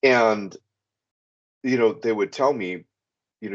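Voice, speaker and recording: A man's voice: on the low side, slow pace, long pauses. A man calling into a podcast, telling a long personal story in a rambling way, with many fillers. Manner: rambling, frequent "you know" fillers. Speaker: podcast caller. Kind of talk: casual first-person storytelling. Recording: dull lo-fi sound.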